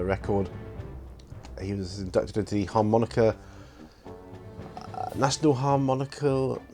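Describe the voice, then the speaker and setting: A man in his fifties talks through his birthday gifts in a fairly low voice. He is eager and rambling, with plenty of ums and restarts. Faint music plays in the background. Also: darkish tone. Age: 50s. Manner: enthusiastic and rambling, with many fillers. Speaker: hobby vlogger. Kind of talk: casual unboxing vlog.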